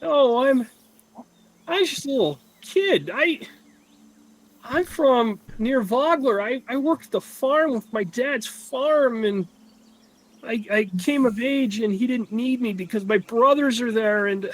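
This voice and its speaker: Picture a frightened young farm boy, a man doing the voice, pleading in a breathless, tearful rush. The voice sits well above the man's own, high and thin. It is heard at a live tabletop game session. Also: expressive, slow, full character voice.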